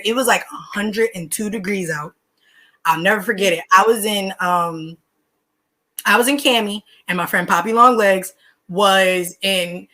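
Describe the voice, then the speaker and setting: A young woman, a podcast guest telling stories in casual, slangy chat and laughing between lines. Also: mid-range voice. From Philadelphia, USA. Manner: animated, slangy, laughs mid-story.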